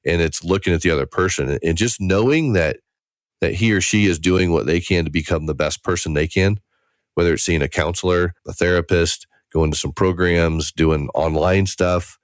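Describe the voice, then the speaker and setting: Deep-voiced earnest male interventionist. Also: normal speed, no room sound, clean studio sound. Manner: earnest, animated, acts out quoted family members. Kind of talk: conversational interview answer.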